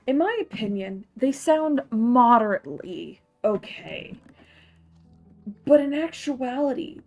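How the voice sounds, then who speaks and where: A woman's voice: on the high side, a little mellow. A young woman streamer in a put-on Scottish accent, chatting casually and giggling while she plays a game, muttering to herself now and then. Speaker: streamer playing a farming game. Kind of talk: casual gameplay chat.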